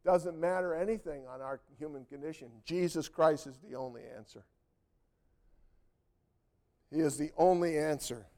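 A man's voice: on the high side, normal speed, long pauses, warm tone. A man preaching a sermon, telling stories emphatically and with animation.

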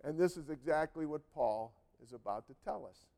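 A man's voice: on the high side, animated, moderate pace, vocal fry, mellow. A man preaching a sermon, telling stories emphatically and with animation.

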